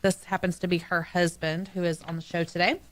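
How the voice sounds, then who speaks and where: A woman's voice: lowish voice, flat delivery, a little fast. A woman co-hosting a radio talk show, telling family stories and laughing easily. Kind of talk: casual family chat.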